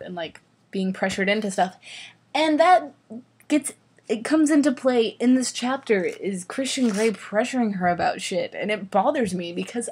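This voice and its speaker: A woman's voice: mid-range voice, darkish tone. A young woman vlogger reviewing a book in a casual, exasperated rant, sarcastic and full of swearing and "like" fillers.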